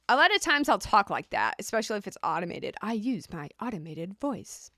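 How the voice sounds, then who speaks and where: A woman's voice: medium pitch, big pitch swings, moderate pace, few pauses, sharp tone, no echo, clean studio sound. A woman vlogging casually, explaining things chattily and often repeating a rhetorical "right?".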